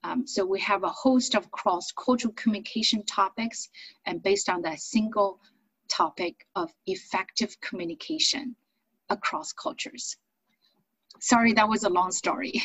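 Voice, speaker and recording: A middle-aged woman from China, a native Chinese speaker, tells her story as an interview guest in a chatty, animated way. Her voice has a slightly husky edge, and the recording is dry and close with no room sound. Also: mid-range voice, normal speed, no room sound, rough recording. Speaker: business owner and accent coach.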